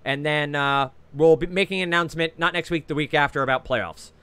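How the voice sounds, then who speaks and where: A man with a New Jersey accent hosting a trivia quiz over a video call, reading each clue twice and scoring answers in a brisk, chatty way with frequent "uh"s. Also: a little high, pushed and bright, clear, resonant tone, no room sound.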